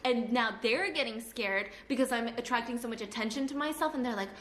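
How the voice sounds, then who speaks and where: A woman telling a personal story in casual, animated talk, acting out the people in it. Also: a little high. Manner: animated and fast, acting out her parents and a police officer. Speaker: storyteller in a played clip. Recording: echoey room.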